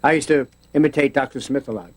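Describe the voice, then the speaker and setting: A man's voice: mid-range voice, fast talker. A man in a casual interview, telling stories in a rambling way with many restarts, often slipping into voices.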